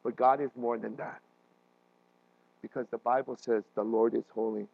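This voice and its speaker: A man preaching a sermon as a pastor, animated and often checking in with his listeners, with frequent restarts and fillers. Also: medium pitch, normal speed, gravelly, no room sound, phone-quality sound.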